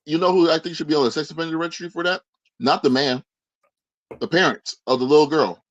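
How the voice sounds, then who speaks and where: A man co-hosting a casual podcast who cuts in with quick, sarcastic remarks. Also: fairly high pitch, fairly bright tone, dry recording. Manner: rapid, sarcastic interjections. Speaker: podcast co-host.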